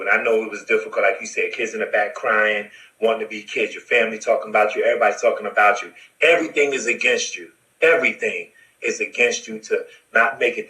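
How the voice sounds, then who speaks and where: A man's voice: lowish voice, sharp tone, reverberant, rough recording. A man co-hosting a radio talk show, encouraging his guest and recapping her story with sermon-like emphasis.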